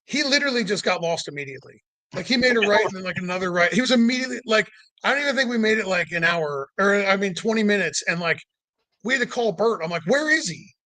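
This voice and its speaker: A man's voice: high-pitched, expressive, fast talker, pushed and bright, no room sound. A man casually telling a long road trip story, full of "like" and "you know", acting out what people said. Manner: rambling, many "like" and "you know" fillers; acts out quoted people with rising voice.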